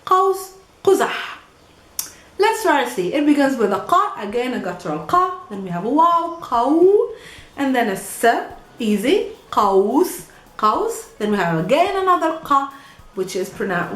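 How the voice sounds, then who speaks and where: Lively high-voiced woman teaching pronunciation. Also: roomy sound. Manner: playful, repeats words slowly, laughs often. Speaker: Arabic teacher. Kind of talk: pronunciation lesson.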